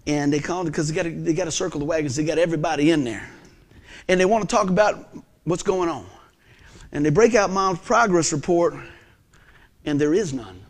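A man, preaching a sermon as a folksy storyteller whose delivery swings from loud bursts to hushed asides. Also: fairly high pitch, brisk. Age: 50s.

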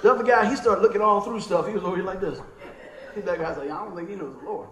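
A man delivering a sermon as a loose, animated story. His voice sits high for a man and rings around an echoey room. He talks in a folksy way and chuckles as he goes. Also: fast talker, crowd noise. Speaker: pastor.

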